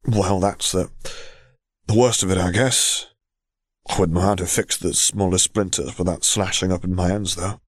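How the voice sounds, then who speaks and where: Grim, tense young man, put on by a narrator, muttered and hissed, low voice, dry. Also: fairly even intonation, normal speed, no echo. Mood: subdued. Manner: hissing, grim, whispering.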